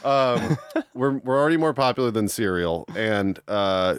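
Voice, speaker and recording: Lively man co-hosting a chat podcast. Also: fairly low pitch, normal speed, clear, resonant tone. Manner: animated, laughs often, swears freely. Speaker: podcast co-host. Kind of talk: casual chat.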